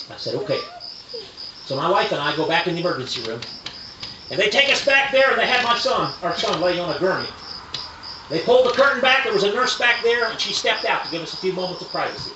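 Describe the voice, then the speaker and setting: A man preaches at a revival tent meeting, his voice high and swooping as he drops to a hush and then rises to a shout. He sounds far from the mic in a roomy space. The recording is dull and lo-fi, with crickets chirping clearly behind him. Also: animated, fast talker, noisy background. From Kentucky. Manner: storytelling, swinging between hushed and shouted emphasis. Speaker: evangelist. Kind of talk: revival sermon. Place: tent meeting at rodeo grounds.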